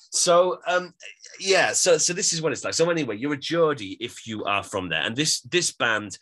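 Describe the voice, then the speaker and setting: A man's voice: on the high side, expressive, moderate pace, pushed and bright. A man, co-hosting a music podcast in casual chat, explaining things with lots of restarts. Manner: chatty, explanatory, with many restarts. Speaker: podcast co-host.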